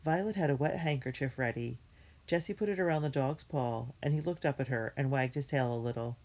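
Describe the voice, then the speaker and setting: Woman storybook reader, steady and clear. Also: rumbling low, brisk. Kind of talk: storybook read-aloud.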